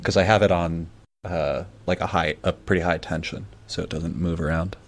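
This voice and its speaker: A man's voice: low-pitched, steady tone, normal speed, music in the background. A man with a Midwestern American accent, co-hosting a podcast in rambling, self-deprecating casual chat. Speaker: podcast co-host.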